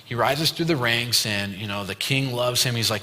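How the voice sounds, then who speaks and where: A man's voice: mid-range voice, normal speed, hardly any pauses, pushed and bright. A young man giving a casual youth sermon, retelling a story with loose quoted dialogue and lots of fillers. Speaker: youth pastor. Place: church youth room. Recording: long hall reverb.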